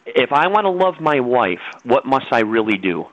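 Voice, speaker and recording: A man's voice: mid-range voice, big pitch swings, moderate pace, no room sound, muffled recording. A middle-aged man, a guest on a radio talk show, lecturing in a preachy, insistent way.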